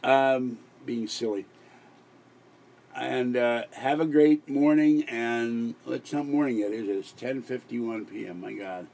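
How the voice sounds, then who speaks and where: A man's voice: mid-range voice, slow, gravelly, darkish tone. Worn-out older man rambling late at night. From Pittsburgh area. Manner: tired, rambling, giggly, with frequent restarts. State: exhausted, sleep-deprived. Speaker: live stream host. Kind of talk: rambling late-night live stream chat.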